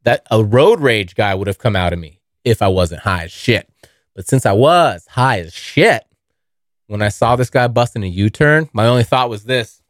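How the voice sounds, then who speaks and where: A man's voice: lowish voice, lively intonation, moderate pace, dry recording, studio quality. A young man hosting his own podcast, telling a long story in a rambling, casual way, swearing often and calling listeners dude. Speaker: podcast host.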